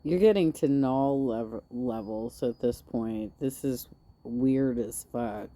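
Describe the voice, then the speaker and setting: A woman with a low, mellow voice hosts a casual livestream. She talks slowly and bluntly, with a sarcastic edge and plenty of swearing. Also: no echo. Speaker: livestream host. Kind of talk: casual drama commentary.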